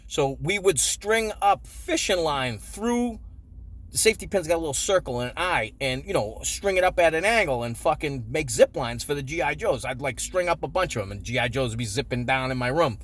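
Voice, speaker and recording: A man's voice: fairly high pitch, fairly bright tone. A man in his forties telling childhood stories in a casual, crude way, swearing and chuckling often. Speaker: storyteller. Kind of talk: casual storytelling vlog.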